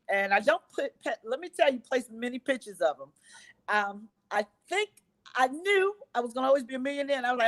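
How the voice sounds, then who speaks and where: A woman in her fifties speaks with a notably high voice as a guest on a live-stream interview. She is effusive and emotional, and she circles back to repeat phrases for emphasis. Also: a bit bright. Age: 50s. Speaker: guest business owner.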